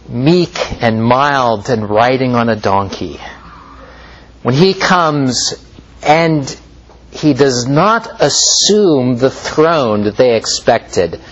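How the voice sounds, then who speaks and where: A man preaching a sermon in a slow, measured way, rising and falling as he stresses points. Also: lo-fi sound. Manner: slow, measured preaching with lively pitch swings.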